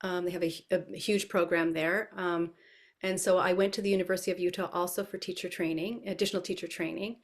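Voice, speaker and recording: A woman's voice: on the low side, flat delivery, quick pace. A woman dance educator answering interview questions, thinking aloud with frequent fillers and restarts. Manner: thoughtful, many fillers and restarts.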